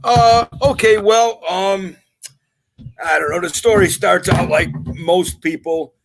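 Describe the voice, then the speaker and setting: A man's voice: high voice, slow, gravelly, soft background music. A man being interviewed on a podcast, humble and rambling as he tells his story in casual chat, with plenty of fillers. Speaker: podcast guest.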